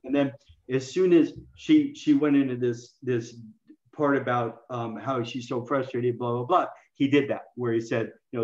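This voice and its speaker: A man speaking as a guest in an interview, explaining communication to health practitioners in an animated way and acting out quoted lines. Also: medium pitch, moderate pace, roomy sound, dull audio. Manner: animated, acts out patients and himself in quoted lines. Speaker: health coaching expert guest.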